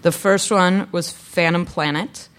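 A woman's voice: on the low side, fairly even intonation, measured pace. Chatty woman telling stories onstage. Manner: chatty, laughing, rambling storyteller. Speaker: guest. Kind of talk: casual chat on stage. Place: live podcast stage before an audience.

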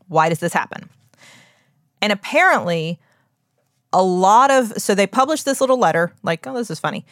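A woman's voice: medium pitch, lively intonation, normal speed, dry recording, studio quality. A woman co-hosting a podcast, telling a story in a chatty, laughing way with plenty of fillers. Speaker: podcast co-host. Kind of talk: casual podcast chat.

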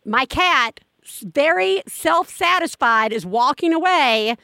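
A woman hosting a podcast, telling stories in casual chat, animated and swearing freely. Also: high-pitched, slow, no room sound. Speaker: podcast host.

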